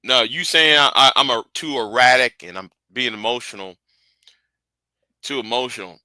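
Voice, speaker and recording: A man with a mid-range voice hosts a livestream at normal speed, sounding pushed and bright on a dry, low-quality recording. He rants angrily and profanely, often repeating and restarting his words.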